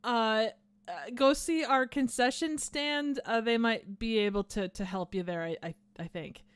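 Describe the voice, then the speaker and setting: A woman's voice: a little high, unhurried, clear, resonant tone, dry recording. A woman hosting a livestream, chatting casually and rambling as she reads out the chat. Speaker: livestream host.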